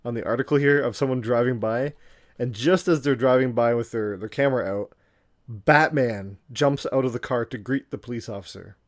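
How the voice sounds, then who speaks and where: A man's voice: medium pitch, normal speed. A man co-hosting a podcast in casual chat, telling a story in a chatty way and laughing often.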